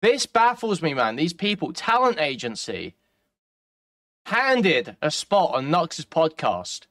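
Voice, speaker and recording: A man's voice: on the high side, very animated, takes it slowly, fairly bright tone. A man doing live-stream reaction commentary, ranting and profane with a sardonic edge.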